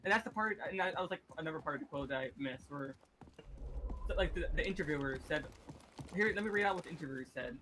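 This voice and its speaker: Male streamer, higher pitch, ranting and swearing, noisy background. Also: fast talker, bright, forceful tone. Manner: ranting, profane, lots of fillers and restarts. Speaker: gaming streamer. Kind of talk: casual chat.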